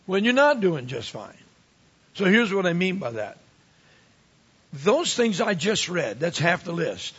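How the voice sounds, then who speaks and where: A man who is a pastor, preaching a sermon with animated swings from quiet asides to emphatic rises. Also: high-pitched, moderate pace, pauses often, slightly rough, highs cut off.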